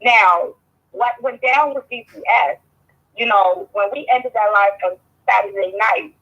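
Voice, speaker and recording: Woman guest, husky voice, hesitant, heard over a dull lo-fi phone line. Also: mid-range voice, a little slow, fairly bright tone. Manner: hesitant, restarts and ums. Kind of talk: telling her side in a casual live stream.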